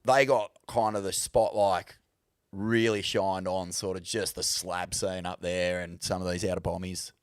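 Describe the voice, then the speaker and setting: A man's voice: sits low, flat delivery, unhurried, clean tone, dry recording, clean studio sound. A young Australian man co-hosting a podcast in casual chat, rambling, laid-back and swearing constantly. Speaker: podcast co-host.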